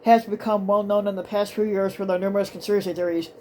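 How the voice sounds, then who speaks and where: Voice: mid-range voice, little pitch movement, fast, darkish tone, a little hiss or hum. A political commentator casually reading news aloud, stumbling over words with many ums and restarts, breaking off for profane asides.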